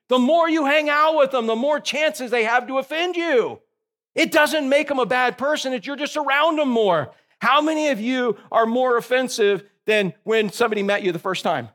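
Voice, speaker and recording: A man preaches a sermon in a notably high voice. He drives his points home with animated energy, breaking off into joking asides with people in the congregation. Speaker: pastor.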